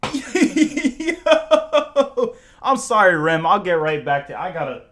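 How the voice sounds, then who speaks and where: Excitable young man streaming, lively pitch. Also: fairly quick, a little hiss or hum. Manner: excitable, stammering, exclamatory. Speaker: livestreamer. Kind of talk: live stream reaction chat.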